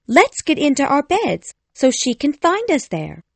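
A woman voicing a warm, motherly young girl in a storybook reading, in a raised bright voice. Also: high voice, wildly swooping pitch, measured pace, vocal fry, dry recording, voice pushed up, heavily acted. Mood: joyful.

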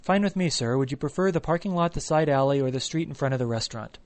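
A man's voice: on the high side, expressive, fast talker. A man voicing a young male waiter who stays unflappably polite while listing every option.

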